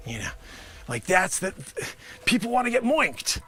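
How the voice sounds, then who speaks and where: A man hosting a live improv comedy show, rambling through a pitchman bit and talking to an imagined panel, now and then bursting into shouts. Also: very animated, a little fast.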